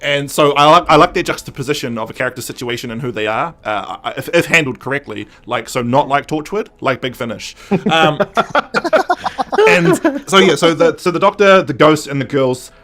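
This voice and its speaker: A man hosting a podcast, recapping a story in a casual, animated way with lots of fillers. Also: a little high, normal speed. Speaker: podcast host. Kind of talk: casual review chat.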